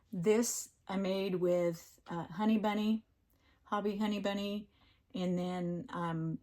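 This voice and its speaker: A woman's voice: on the low side, a little mellow. A woman in a casual home crafting vlog, chatting in a rambling, fond way about her finished projects. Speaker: crafting vlogger. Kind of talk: casual chat.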